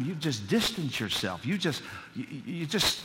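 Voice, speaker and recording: A male pastor preaching a fervent sermon, building from quiet storytelling to loud shouted appeals. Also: a little high, sing-song, moderate pace, in a large hall, background noise.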